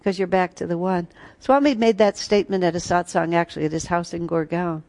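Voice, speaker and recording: Leading a retreat class, this woman tells stories, laughs, and slips into snatches of song as she gives a spiritual talk. Her voice sits lowish and a little mellow, with fairly even intonation and a fairly quick pace.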